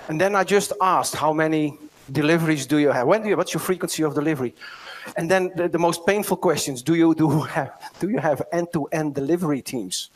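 A middle-aged man with a Dutch accent giving a conference keynote, telling stories and often checking in with "right?". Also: a little high. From Netherlands. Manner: storytelling, asks the audience "right?" often. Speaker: keynote speaker.

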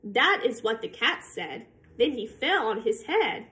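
A woman reading a picture book aloud to children, slow and expressive, pausing to ask her listeners questions. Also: fairly high pitch. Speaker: storybook reader.

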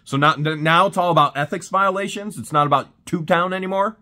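A man's voice: on the high side, quick pace, hardly any pauses, bright, forceful tone. A man recapping events in a casual vlog, telling the story animatedly with laughs and exclamations. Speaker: channel host.

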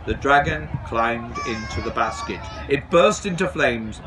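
A man reading a children's story aloud to an audience at an outdoor event, in an expressive, lively way. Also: medium pitch, normal speed, hardly any pauses. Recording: distant mic outdoors.

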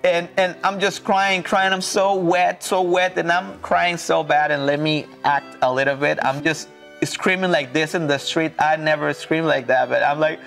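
A pastor from Mexico telling his testimony in halting, earnest English with a Mexican Spanish accent. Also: fairly high pitch, steady tone, creaky, fairly bright tone, soft background music. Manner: earnest, halting non-native English with repeated restarts. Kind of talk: personal testimony in an interview.

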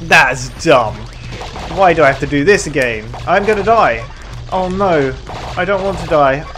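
Excitable let's-play host, slow-spoken. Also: medium pitch. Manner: excitable, laughs often, talks to self. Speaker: gaming channel host. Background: game music.

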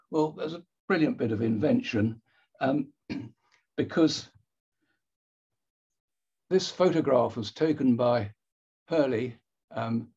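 A man giving an illustrated history talk with slides, measured and wry, pausing and correcting himself as he goes. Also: mid-range voice, a little mellow, slightly rough, dull audio.

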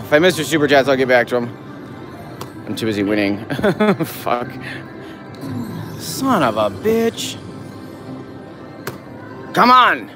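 Excitable, foul-mouthed man streaming slots. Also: medium pitch, moderate pace, long pauses, soft background music. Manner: excitable, profane, yells at the machine. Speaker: live-streaming slot gambler. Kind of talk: casual live-stream chat. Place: casino floor.

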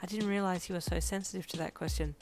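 A cocky young male hero with wings, teasing and sure of himself, as a woman reads him. He talks with a playful edge that softens into low, gentle reassurance. The voice sits on the lower side. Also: steady tone, quick pace, a little hiss or hum, lightly acted. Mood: soothing.

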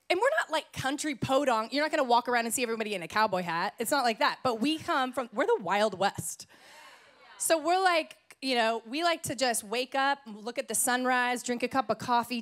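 A woman pastor from Idaho preaches in church with a playful, storytelling manner. Her voice sits fairly high and moves around a lot as she teases and laughs with the congregation. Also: a bit bright. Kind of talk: sermon.

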